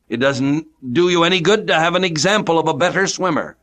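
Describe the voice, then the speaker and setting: A middle-aged man from the United States preaching a radio sermon with a formal, measured cadence. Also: a little high, a bit bright.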